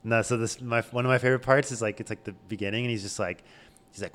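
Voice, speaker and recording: A mid-pitched man in loose, rambling conversation, laughing often, with plenty of fillers and swearing. He tells his stories in a relaxed, unpolished way. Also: fast talker. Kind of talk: casual chat.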